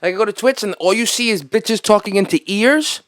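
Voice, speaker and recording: A man hosting a podcast, telling stories in animated, profane casual chat. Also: sits high, brisk. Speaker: podcast host.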